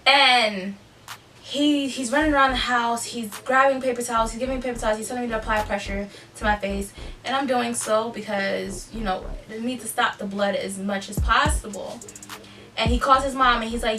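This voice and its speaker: A young woman vlogger telling a personal story in a candid, profane, animated way. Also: fairly high pitch, moderate pace, far from the mic. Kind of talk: casual storytime. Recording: voice off-mic with faint music.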